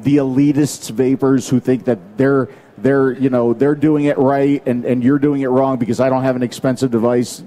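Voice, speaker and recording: A man's voice: medium pitch, mellow. An American man speaking as a conference panelist, talking casually and emphatically with plenty of fillers and restarts. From United States. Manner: emphatic, rambling, many fillers.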